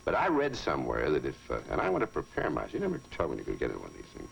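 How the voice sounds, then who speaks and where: A man's voice: a bass voice, huge pitch swings, racing, gravelly, slight background noise, rough recording. A man with a New England accent, chatting in a wry, self-deprecating way on a 1950s TV broadcast. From South Africa. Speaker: guest on a boxing telecast. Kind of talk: 1950s TV chat.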